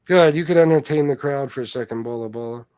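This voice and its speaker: A man's voice: mid-range voice, fast talker, a little mellow, clear, resonant tone, no room sound. A man hosting a casual livestream who reads chat aloud and rambles with plenty of profanity. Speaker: livestream host.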